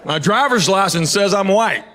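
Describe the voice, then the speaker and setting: A middle-aged man from Tennessee with a Southern accent, doing a deadpan stand-up comedy set. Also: sits high, moderate pace. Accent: East Tennessee Southern. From Knoxville, Tennessee, US. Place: theater stage before a live audience. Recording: echoey live venue with audience noise.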